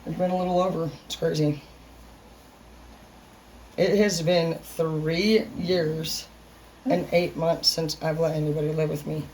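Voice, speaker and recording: A woman's voice: low voice, level tone, unhurried, pauses often, a little mellow, slight background noise, rough recording. Blunt, foul-mouthed woman venting. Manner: blunt, heavy swearing, rambling; brash and unfiltered. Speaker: vlogger. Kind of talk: casual monologue to camera.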